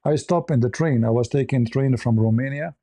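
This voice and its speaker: A blunt, sarcastic man answers his chat on a livestream. His voice is gravelly and dark, and it sounds close and dry with no room around it. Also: mid-range voice, fairly quick, dry recording.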